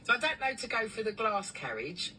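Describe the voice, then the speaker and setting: Animated chatty woman, slightly distant. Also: fairly high pitch, brisk, slight background noise. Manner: chatty, animated retelling with many fillers. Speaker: cleaning business owner. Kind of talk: casual storytelling vlog.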